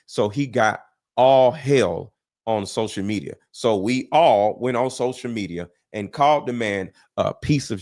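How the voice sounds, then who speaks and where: A man debating with heat, his pitch swinging widely as he presses his point. He repeats himself for emphasis, swears freely and talks over the other side with "hold on" and "listen". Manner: interrupts with 'listen' and 'hold on'. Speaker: guest debater. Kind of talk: heated debate.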